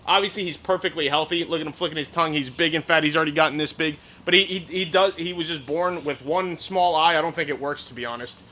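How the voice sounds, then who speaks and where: A man co-hosting a live reptile sale, pitching animals eagerly and reassuring buyers. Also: fast talker, hardly any pauses, pushed and bright, slight background noise. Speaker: livestream co-host selling reptiles. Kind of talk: casual live sales pitch.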